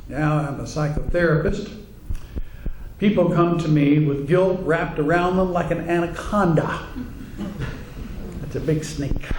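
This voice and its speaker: A man's voice: sits high, roomy sound, a little hiss or hum, poor audio. A man, a psychotherapist, giving a humorous talk to a congregation, telling wry stories and turning to the audience with asides. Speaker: psychotherapist and speaker.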